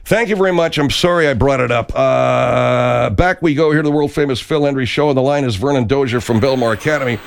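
A man's voice: medium pitch, a little fast, creaky, few pauses, clean tone. A man hosting a radio comedy talk show, hesitant and often exasperated. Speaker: host.

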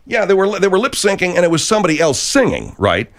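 A man's voice: high-pitched, huge pitch swings, fast talker, fairly bright tone. A man hosting a radio comedy talk show, hesitant and often exasperated. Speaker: host.

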